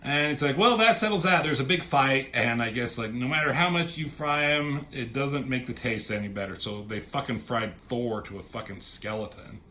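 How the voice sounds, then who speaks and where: A man casually recapping a comic book, swearing freely and popping into quick voices for the characters. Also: medium pitch, pushed and bright, a little hiss or hum. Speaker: comic reviewer.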